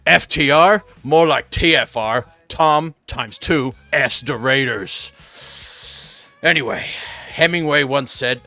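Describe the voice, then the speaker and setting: A man's voice: medium pitch, bright, forceful tone. A man voicing a rambling gonzo-journalist narrator in a put-on Irish accent, florid and theatrical. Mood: sardonic.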